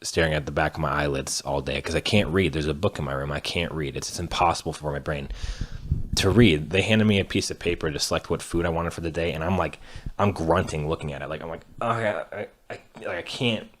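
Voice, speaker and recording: A young man with a very low, deep voice tells his own story as a candid monologue. He speaks haltingly, with frequent fillers and restarts, and swears now and then. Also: a bit bright, a little hiss or hum. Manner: earnest, candid, occasionally cursing. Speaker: patient telling his own illness story.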